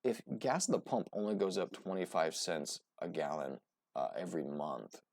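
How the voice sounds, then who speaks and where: Host type: low-voiced man with a gravelly edge, chatty and rambling, always tossing in "right?". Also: expressive, normal speed, darkish tone, dry recording, clean studio sound. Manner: rambling, filler-heavy, keeps asking "right?". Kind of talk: casual commentary.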